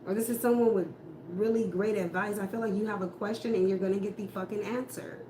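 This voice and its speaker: This tarot reader's medium-pitched voice is warm and steady, moving at a quick pace. She reads casually, swearing bluntly and ranting through rhetorical questions about the cards. The room is echoey with faint noise.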